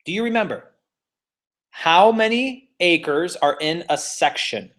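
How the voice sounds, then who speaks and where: Man, slightly high voice, exam prep instructor, jokey, encouraging, step-by-step explaining. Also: expressive, slow pace, fairly bright tone. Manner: playful, teasing, encouraging; walks students step by step. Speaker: real estate exam instructor. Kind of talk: live online class lecture.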